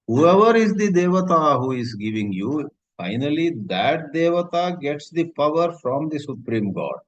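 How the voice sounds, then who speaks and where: A man's voice: medium pitch, unhurried, a little hiss or hum. Man teaching scripture. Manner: conversational, lively storytelling with Sanskrit terms. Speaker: spiritual teacher. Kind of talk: scripture lecture. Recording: slightly muffled lo-fi recording.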